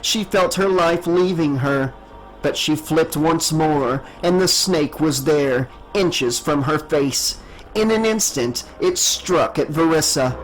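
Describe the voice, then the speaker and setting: Guy reading a sci-fi horror audiobook, fairly high voice, steady pace. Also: slow, soft background music, rough recording. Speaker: audiobook narrator. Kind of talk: audiobook narration.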